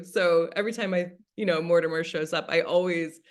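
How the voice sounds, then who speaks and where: A woman's voice: on the low side, fairly even intonation, brisk. A woman facilitator teaching in a casual, chatty way, often acting out her own past thoughts as quoted asides. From United States. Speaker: class facilitator.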